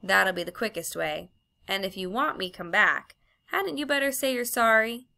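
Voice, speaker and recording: Storybook schoolgirl, prim and sarcastic, bright tone; woman narrator doing the voice. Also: mid-range voice, animated, normal speed, gravelly. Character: quick, indignant young British schoolgirl.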